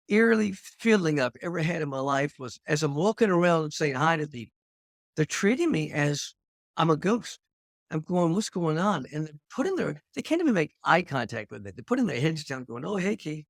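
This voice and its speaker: An older man, a podcast host, telling a personal fight story in an animated way and acting out the scenes. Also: a little high, gravelly, no room sound, clean studio sound.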